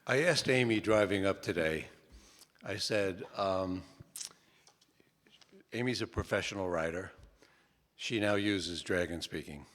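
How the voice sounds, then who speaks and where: An older man with a lowish voice talks to an audience in a relaxed, anecdotal way. He restarts often and checks in with "okay?". His voice carries a long hall reverb. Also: measured pace, pauses often. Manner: folksy, repeats "okay?", frequent restarts. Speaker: author speaking at a book talk. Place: lecture hall.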